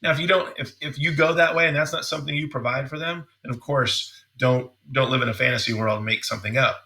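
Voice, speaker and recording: High-energy middle-aged guy teaching a dental seminar, super bright forceful voice, acts out patient questions. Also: quick pace. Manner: energetic, repeats words, acts out example questions. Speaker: dental practice coach. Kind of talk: training seminar lecture.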